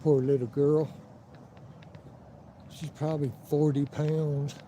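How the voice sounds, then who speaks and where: A man's voice: a little high, level tone, slow pace, mellow, slight background noise, rough recording. A man live-streaming while walking outdoors, telling rambling, profanity-filled stories and acting out what people said. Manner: profane, rambling storyteller who acts out quotes. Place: outdoors by a river and town streets.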